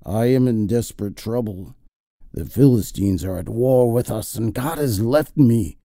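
A man voicing a desperate disguised king who speaks low, urgent and pleading, in an audio drama. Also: unhurried, dark tone, dry recording, studio quality, close to an everyday voice.

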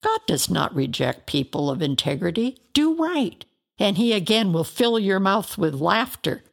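A woman reading a self-righteous, accusing friend in a storybook, slow and blunt. A gravelly fry sits under the voice. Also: medium pitch, very animated, exaggerated voice.

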